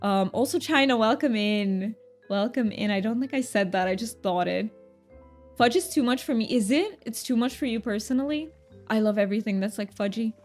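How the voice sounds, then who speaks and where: A woman's voice: a little high, a little fast, darkish tone, soft background music. A woman streamer chatting casually while gaming, reading her chat aloud, answering viewers and laughing often.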